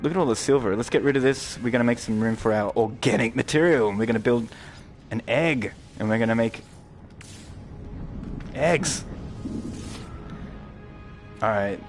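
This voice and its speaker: A young man giving live gameplay commentary to his chat, rambling, swearing freely and jumping into loud outbursts. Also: mid-range voice, moderate pace, pauses often, faint music behind. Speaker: streamer.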